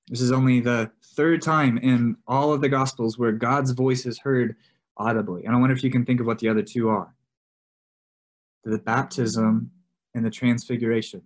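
A pastor preaching a sermon to his congregation, earnest, slowing down on key words and rising as he presses his questions. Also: medium pitch. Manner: earnest preaching, slows for emphasis, rises when pressing questions.

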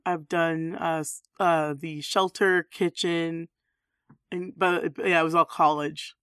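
A woman's voice: sits low, fairly even intonation, slow pace, fairly bright tone, smooth, no room sound, studio quality. A woman guesting on a podcast, laughing often in casual chat.

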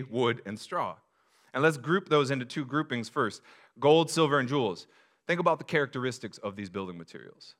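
A male pastor delivers a sermon with a bright, forceful edge to his voice. He talks to the congregation conversationally, asking rhetorical questions and sometimes restarting a phrase. His pitch sits at an ordinary middle level for a man. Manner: conversational preaching with repeated restarts.

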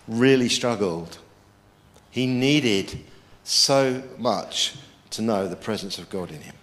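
A man preaching a sermon, lively and emphatic, quoting scripture as he goes. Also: medium pitch. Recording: long hall reverb.

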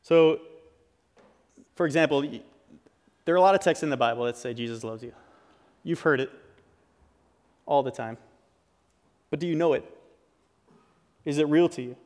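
A man's voice: fairly high pitch, moderate pace, long pauses, darkish tone. Earnest male pastor preaching in a reverberant sanctuary. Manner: earnest, conversational preaching with restarts. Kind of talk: sermon. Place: church sanctuary. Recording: long hall reverb.

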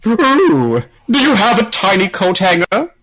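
A man voicing a doting, unhinged cartoonish mother in a shrill, melodramatic improvised comedy voice. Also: sing-song, a little slow, sharp tone, full character voice, rough recording. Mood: overwrought. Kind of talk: improvised comedy voice in online chat.

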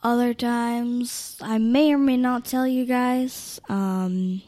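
Slow, giggly teen girl. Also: fairly high pitch, fairly even intonation, no room sound. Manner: giggly, trails into soft near-whispers. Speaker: interviewee, older sibling. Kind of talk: casual family interview.

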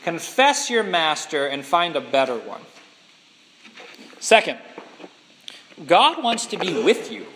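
A male pastor preaching with a lively, swooping pitch and a fairly high voice. He presses his points and asks his listeners questions. The sound carries a long hall reverb with a faint hum of room noise. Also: slow, pauses often. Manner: emphatic, asks the congregation questions. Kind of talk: sermon.

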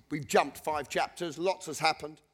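A man's voice: a little high, a little slow, husky. A middle-aged male pastor preaching a sermon, reading scripture with conversational asides and leading the congregation in call-and-response. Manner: animated, leads the congregation in repeated call-and-response; chuckles between points, conversational asides.

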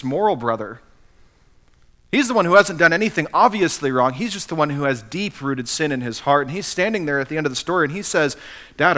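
A pastor preaching a sermon in an animated, emphatic storytelling manner. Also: male voice, fairly high pitch.

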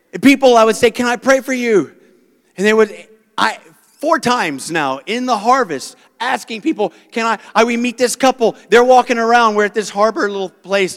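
A man preaching a sermon as pastor, telling stories with animated voices for the people he quotes. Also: high voice, long reverb tail.

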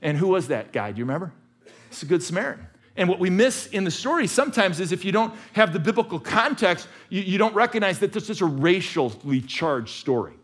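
High-voiced fervent male preacher. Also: very animated, a little fast, husky. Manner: fervent preaching, climbs higher and louder when urging the congregation; conversational asides with repeated restarts. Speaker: pastor. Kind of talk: sermon.

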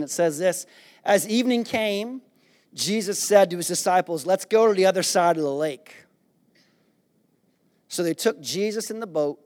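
A man preaching a sermon, retelling a scripture story in a playful, animated way and acting out the characters. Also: a little high. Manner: animated storytelling, acts out disciples with a raised voice; playful, jokes with the congregation. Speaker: pastor.

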